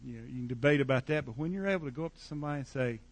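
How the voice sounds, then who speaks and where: A man's voice: mid-range voice, rapid-fire, dry recording. Joking male pastor, dry sound. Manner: conversational, joking preaching with repeated "okay?". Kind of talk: sermon. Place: church.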